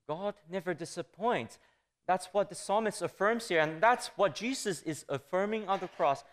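A man preaching a sermon on scripture. He reads the verses aloud and lifts his pitch emphatically on the quoted lines. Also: normal speed.

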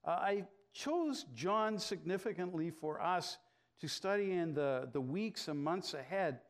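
Pastor with a slightly raised voice. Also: male voice, high-pitched, expressive, unhurried. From Canada. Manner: storytelling, frequent "uh" fillers, acts out dialogue. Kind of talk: conversational sermon with anecdotes.

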